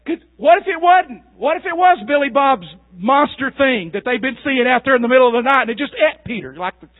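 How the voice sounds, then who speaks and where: A man's voice: very high voice, lively intonation, a little fast. A man preaching a sermon, telling the story in a folksy way and asking the crowd questions. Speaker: pastor. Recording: tinny phone-like sound.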